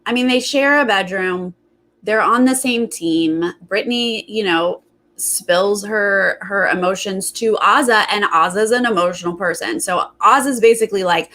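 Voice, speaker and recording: A woman talking casually as the host of a reality TV recap. She chats loosely and acts out quotes with big jumps in pitch. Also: measured pace, fairly bright tone. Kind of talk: casual commentary.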